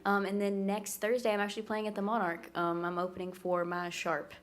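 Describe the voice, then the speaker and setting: A woman's voice: medium pitch, fairly quick, a little hiss or hum. Chatty young woman telling a story. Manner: animated, full of fillers and restarts. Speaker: guest musician. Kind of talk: casual chat and storytelling. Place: live music venue with a stage.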